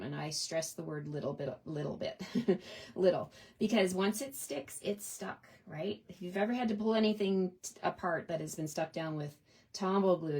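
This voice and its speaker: Upbeat lady walking you through a card craft project, kinda low voice, chatty. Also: a little mellow, slightly rough. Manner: chatty, upbeat, talks to viewers while working. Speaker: papercraft demonstrator. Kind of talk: hands-on craft tutorial.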